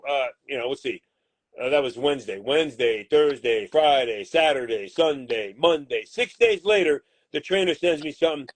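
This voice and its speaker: A man's voice: a little high, animated, brisk, dry recording. A man, a boxing manager, answering interview questions in a blunt, combative way and swearing freely.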